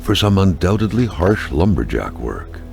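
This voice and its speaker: A man voicing the narrator of a video game, reading scripted lines in a measured, wry way. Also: sing-song, darkish tone, faint music behind, heavily acted. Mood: dry. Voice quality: deep, gravelly, measured. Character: gravelly male game narrator, dry and wry.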